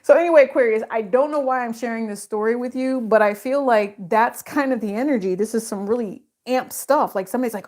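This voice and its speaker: A middle-aged woman with a slightly high voice talks her way through a psychic card reading. She rambles in a casual, chatty way, breaking off mid-thought and stacking up fillers as she goes. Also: fast talker, hardly any pauses, darkish tone. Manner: rambling, chatty, frequent fillers and self-interruptions. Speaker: psychic tarot reader. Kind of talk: casual tarot reading monologue.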